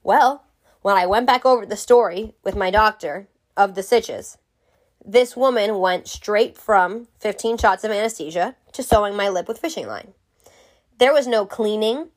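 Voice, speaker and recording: A woman's voice: mid-range voice, normal speed. A woman vlogger telling a story to camera in a casual way. She is frank, jokey and swears freely.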